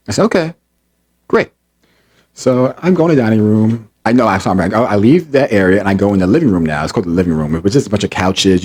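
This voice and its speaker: A man's voice: sits low, husky. A man vlogging, heatedly retelling a personal incident, acting out what others said, with emphatic repetition and laughter. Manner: animated, acts out quotes, laughs, emphatic repetition. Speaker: channel host recounting an incident. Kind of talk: heated personal storytelling to camera.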